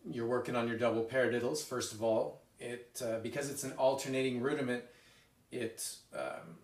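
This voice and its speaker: A man teaching a drum lesson, explaining a rudiment exercise in a relaxed way with fillers and restarts, recorded from a distance. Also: mid-range voice. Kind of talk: spoken music lesson with demonstrations. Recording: roomy, mic set back. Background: drums and metronome.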